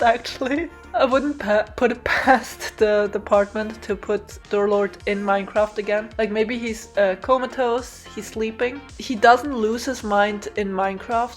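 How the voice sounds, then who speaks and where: A woman talking in a casual, excited ramble over a drawing video, laughing often and tripping over her words. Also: medium pitch. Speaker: video creator theorizing over a speedpaint.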